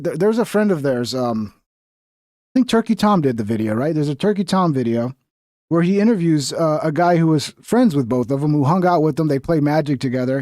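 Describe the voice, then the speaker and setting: Young man, livestream commentary, rambling, profane, slightly high voice, dry close sound. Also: dark tone, dry recording. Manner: profane, rambling, conspiratorial asides. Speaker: streamer reacting to a video.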